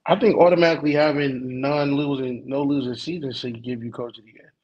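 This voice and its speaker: Husky-voiced man in casual sports chat. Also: mid-range voice, fairly even intonation, a little fast, darkish tone, lo-fi sound. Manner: laid-back, brief wry interjections.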